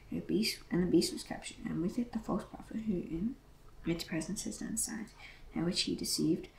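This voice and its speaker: Gravelly voice reading scripture in an echoey room. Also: medium pitch. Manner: steady, measured reading with occasional restarts. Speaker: Bible reader. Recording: echoey room with faint noise.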